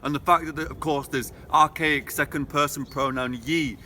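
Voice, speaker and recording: A man talks through a poem for a revision lesson, speaking off the cuff, restarting sentences and tapping out rhythms aloud. His voice is bright and forward. Faint traffic hums in the background. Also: on the high side, fairly even intonation, moderate pace. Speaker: literature tutor. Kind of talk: casual spoken revision lesson. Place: indoors, filmed talking to camera. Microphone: camera mic.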